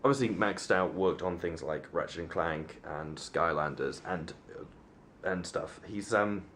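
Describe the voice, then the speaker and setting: A man's voice: low-pitched, unhurried, a bit bright, slight background noise. A young man chatting to camera in a casual vlog, rambling and self-mocking, with plenty of fillers and restarts. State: sunburnt. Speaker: vlogger.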